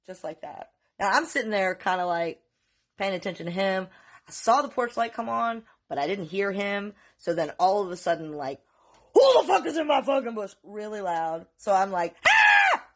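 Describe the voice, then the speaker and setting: A woman from North Carolina telling a story in a casual, profane, animated way, often laughing. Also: medium pitch, normal speed. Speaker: vlogger.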